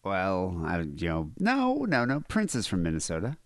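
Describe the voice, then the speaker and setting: A man co-hosting a podcast in casual comedic chat, sarcastic, swearing, firing back quick retorts. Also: sits low, huge pitch swings, no echo, studio quality. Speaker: podcast co-host.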